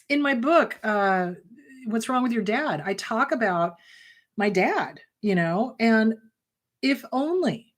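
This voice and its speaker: A middle-aged woman therapist hosting a live advice show, answering viewer questions in an emphatic, warm and reassuring way. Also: fairly high pitch. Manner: emphatic, warm and reassuring, calls listeners sweetheart.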